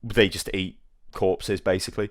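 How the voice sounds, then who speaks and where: A man hosting a casual podcast, telling an animated story and swearing freely. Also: deep voice, moderate pace, no echo, clean studio sound. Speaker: podcast host. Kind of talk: casual chat.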